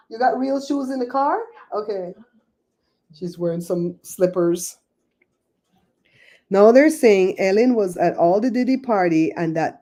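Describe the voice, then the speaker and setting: A woman's voice: a little high, mellow. A woman hosting a casual livestream, chatting with viewers by name and laughing often. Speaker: livestream host.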